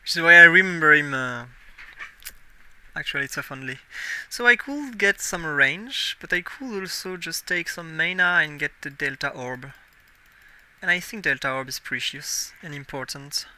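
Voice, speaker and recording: A young man streams a game live and talks in English with a heavy French accent. His voice is very bright and sharp, and his speech is clear and crisp. He muses aloud as he plays and often stops to correct himself. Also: fairly high pitch, normal speed. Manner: musing aloud while playing, self-correcting. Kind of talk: casual live-stream commentary.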